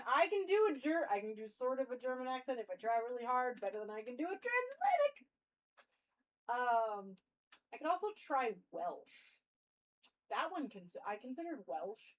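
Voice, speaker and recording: A woman's voice: a little high, poor audio. A young woman streamer musing aloud in casual live-stream chat.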